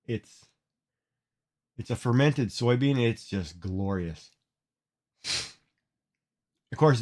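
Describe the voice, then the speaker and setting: Middle-aged man, casual livestream chatter, rambling, halting restarts. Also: on the low side. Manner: rambling, emotional, repeats words. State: tearful, crying. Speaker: streamer.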